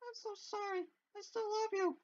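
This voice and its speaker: A woman voicing a distraught young schoolgirl who speaks quietly through sobs, in a visual novel. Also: very high-pitched, fairly even intonation, normal speed. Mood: tearful. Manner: sobbing, quiet and pleading. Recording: dull lo-fi game audio over music.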